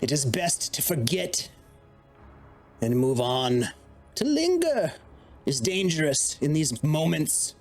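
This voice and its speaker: A man voicing an old female hag in a tabletop game, speaking slowly and portentously. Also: fairly high pitch, very animated, faint music behind, full character voice. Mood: ominous. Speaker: dungeon master.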